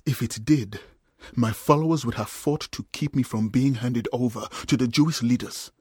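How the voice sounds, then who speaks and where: This is a calm, solemn male teacher voiced by a man reading aloud. He speaks in a measured, husky tone, and the recording is dry and close. The voice stays quiet and steady. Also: medium pitch, no room sound, voice pushed down.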